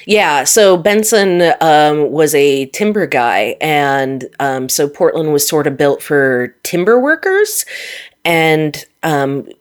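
A woman's voice: deep voice, animated, takes it slowly, clear, resonant tone. A woman from North Dakota with an Upper Midwest accent, chatting as a guest scientist, laughing often and filling with ums. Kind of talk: casual interview chat.

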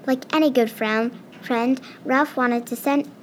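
A woman reading a children's story aloud, a little halting with small slips. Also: high voice, steady tone, slight background noise, low-quality recording. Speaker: reader.

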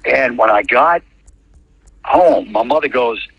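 A man's voice: mid-range voice, slow, creaky, breathy edge, no room sound. A man from New Orleans who works as a TV sportscaster tells a story in an interview, rambling and often restarting his words. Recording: dull lo-fi, dry.

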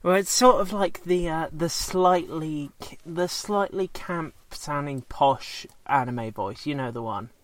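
A man's voice: fairly high pitch, slow pace, few pauses, no echo. A man chatting casually as a co-host, rambling and hesitant with many fillers and restarts. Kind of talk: casual chat.

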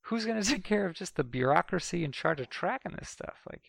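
A man's voice: high voice, lively intonation, brisk, creaky, fairly bright tone, dry recording. A man co-hosting a podcast, chatting casually and rambling, often acting out what others said. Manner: rambling, restarts often, mimics others in quotes. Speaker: podcast co-host. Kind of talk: casual chat.

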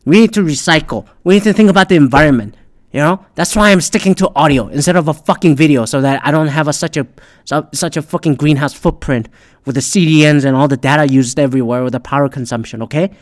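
A man's voice: fairly high pitch, fast talker. Profane, ranting male podcast host. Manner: profane, ranting, animated, with frequent restarts. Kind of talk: solo rant podcast.

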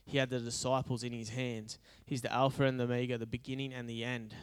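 A man's voice: medium pitch, little pitch movement, fast, clear, resonant tone. Resonant-voiced male pastor preaching. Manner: conversational, humorous, builds to emphatic repetition. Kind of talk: sermon.

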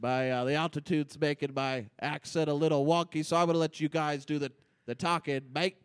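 A man's voice: a little high, steady tone, fairly quick, clear, resonant tone, no echo, studio quality, close to an everyday voice. A man putting on Kangaroo Jack, a wonky Aussie swaggerer. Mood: swaggering. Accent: put-on Australian. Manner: swaggering, pushy, baiting others. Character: blustering male con man calling himself Kangaroo Jack.

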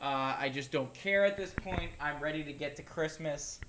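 A man's voice: fairly high pitch, moderate pace, a bit bright, a little hiss or hum. A man hosting a podcast, chatting casually and cracking jokes. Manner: joking, chatty. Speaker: podcast host. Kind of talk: casual chat.

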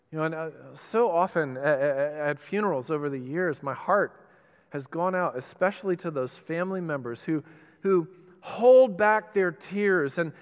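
A man preaching a sermon as a pastor, swinging between loud, emphatic bursts and soft, slow lines. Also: a little high, clear, resonant tone. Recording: long hall reverb.

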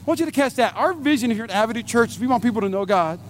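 A man preaching a sermon as pastor, telling a funny personal story with lively exclamations and emphatic repeated phrases. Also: very high voice, very fast, slight background noise. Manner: animated storyteller, acts out scenes with exclamations; emphatic repetition of key phrases.

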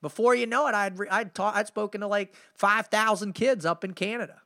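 A man's voice: high-pitched, fairly even intonation, brisk, pushed and bright. A middle-aged man hosting a motivational podcast, telling a story in a fired-up, slangy way and saying "man" a lot. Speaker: podcast host and motivational speaker. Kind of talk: energetic storytelling monologue.

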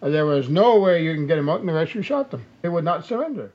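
An older man, a war veteran, recalling the enemy in an animated, vivid way. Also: fairly high pitch, quick pace. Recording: muffled lo-fi radio recording.

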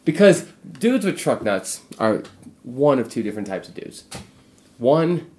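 A man's voice: medium pitch, big pitch swings, measured pace, a little mellow. A man co-hosting a podcast, chatting casually in a sarcastic, joking way. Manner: joking, sarcastic, mock voices. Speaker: podcast co-host. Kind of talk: casual chat.

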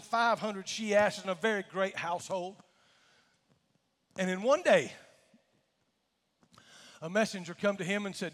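High bright preacher man. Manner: preaching with dramatic swells into shouting. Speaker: pastor. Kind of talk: sermon. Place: church sanctuary. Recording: long church hall reverb.

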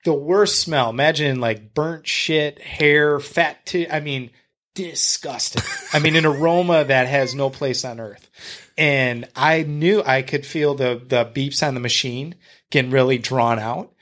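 A man's voice: mid-range voice, a little slow. A man from Michigan, a podcast guest, telling stories in casual conversation, acting out what people said and swearing freely. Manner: animated storyteller who acts out what people said, swears freely.

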